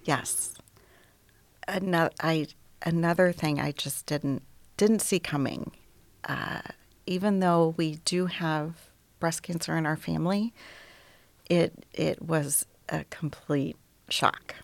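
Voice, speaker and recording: A middle-aged woman telling her personal story as an interview guest, softly, often dropping to a near whisper. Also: low voice, fairly even intonation, slow pace, vocal fry, pauses often, no room sound.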